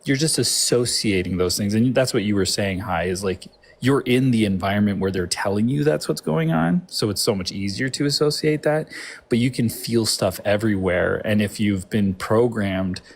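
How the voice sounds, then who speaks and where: A man speaking in a casual podcast chat, reflective and explaining things slowly. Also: on the low side.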